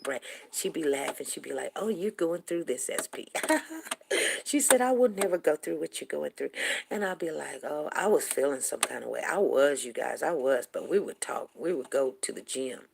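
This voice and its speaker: Chatty woman with a gravelly edge. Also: deep voice, noisy background. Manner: chatty and animated, quick laughs, mimics friends' voices. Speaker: show host. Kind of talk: casual storytelling to viewers.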